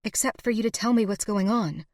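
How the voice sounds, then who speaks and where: A woman voicing a young frontier bride in an audiobook, pleading and then turning sharp. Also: mid-range voice, fairly quick, no room sound, studio quality, voice pushed up, close to an everyday voice. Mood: fearful. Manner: pleading, breaking into anger. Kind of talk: audiobook character voice.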